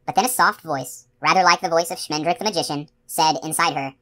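A woman narrating a novel as an audiobook, with steady, expressive storytelling. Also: sits low, fairly quick, few pauses.

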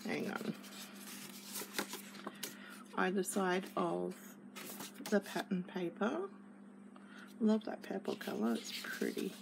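Slow-talking woman with a gravelly voice. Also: fairly low pitch, steady tone, noisy background. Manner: gushing and chatty, with many fillers. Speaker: craft kit reviewer. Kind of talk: casual unboxing chat.

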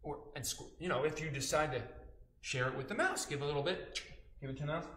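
A man telling an interactive story for children, animated and playful, with sung sound effects. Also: fairly high pitch, fast. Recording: roomy echo.

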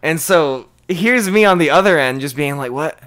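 A man's voice: on the high side, moderate pace. A young man casually telling work stories on a podcast, acting out callers and swearing freely. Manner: animated, acts out callers in quoted voices. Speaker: podcast co-host. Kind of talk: casual storytelling chat.

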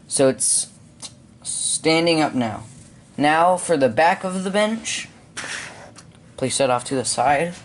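Male, hobby tutorial, slow pace, halting, frequent fillers, mid pitch. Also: slight background noise. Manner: unhurried, halting instructions with frequent ums. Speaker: hobby video maker. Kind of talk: step-by-step building tutorial.

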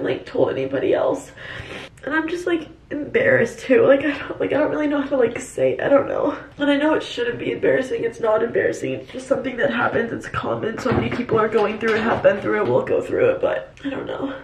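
Tearful, halting young woman, roomy echo. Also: a little high, a little mellow, recorded from a distance. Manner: halting, hesitant, full of fillers and restarts. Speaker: lifestyle vlogger. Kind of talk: confessional vlog talk.

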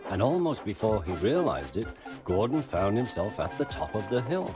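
Expressive male narrator with a low voice, lively storytelling over music. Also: normal speed.

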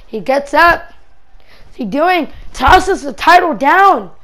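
A woman giving excitable play-by-play commentary on a wrestling match in a game, breaking into shouts at the big moves. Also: high voice, slow, poor audio.

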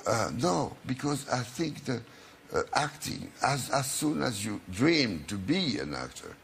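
A man's voice: medium pitch, very animated, a little slow, vocal fry, a bit bright, slight background noise. A man in his seventies with a French accent, a chat show guest who halts as he searches for English words. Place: television studio.

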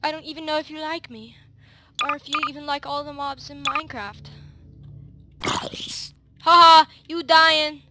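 A woman giving let's play commentary, excitable, shrieking and yelling at the screen. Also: high-pitched, normal speed, pauses often. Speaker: gaming video host. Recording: loud noisy hiss under the voice.

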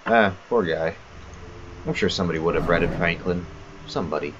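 A man's voice: deep voice, brisk, long pauses, fairly bright tone, lo-fi sound, a little hiss or hum. A man giving rambling, self-mocking let's play commentary on a horror game. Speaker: gamer.

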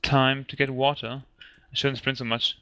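A man's voice: medium pitch, flat delivery, moderate pace, pushed and bright. A man chatting playfully during a game, laughing often. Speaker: game player. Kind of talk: casual gaming chat.

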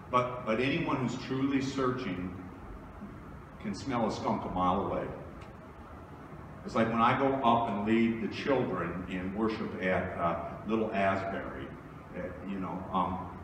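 Heard distantly in an echoey church sanctuary with background noise, a pastor with a lowish voice preaches his sermon in a conversational manner, leaning on rhetorical questions.

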